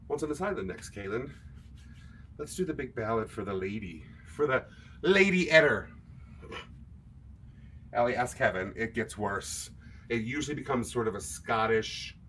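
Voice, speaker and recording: A man's voice: medium pitch, a bit bright, a little hiss or hum. A man hosting a livestream, chatting casually with viewers between show tunes and joking about himself. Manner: self-mocking, joking, chatty asides to viewers. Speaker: livestream singer and host.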